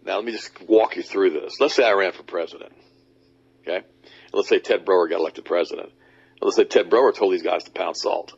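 A man hosting a talk radio show, speaking emphatically and mocking others in high put-on voices. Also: brisk, vocal fry, husky. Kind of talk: animated talk radio monologue. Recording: dull lo-fi audio.

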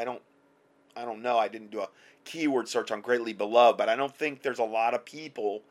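Excitable man teaching from the Bible. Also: mid-range voice. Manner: excitable, laughs often, reads scripture aloud. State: emotional, choked up at times.

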